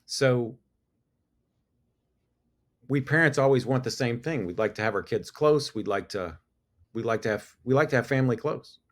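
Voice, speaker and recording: A middle-aged man, a business owner talking as a guest in a casual podcast chat, chatty and quick to laugh, often restarting his sentences. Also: medium pitch. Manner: talkative, restarts, laughs easily.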